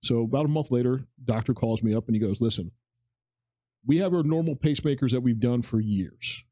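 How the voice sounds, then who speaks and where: Here a man in his forties co-hosts a podcast, speaking fairly quickly in a mellow, mid-range voice captured on a dry recording. Chatting casually, he wanders through a personal anecdote, acting out others' lines with casual swearing.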